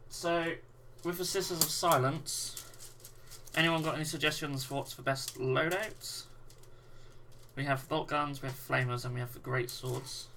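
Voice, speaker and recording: A man's voice: on the high side, unhurried, slight background noise. A British man casually hosting a live stream, chatting and reading out viewer messages while he builds miniatures, chewing on a sweet. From United Kingdom. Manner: relaxed, reads out chat messages while building. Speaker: livestream host.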